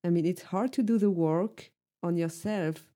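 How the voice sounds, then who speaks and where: Her voice sits on the low side, mellow and measured in pace, as she co-hosts a podcast. The talk is casual yet earnest, and "like" fills her sentences again and again.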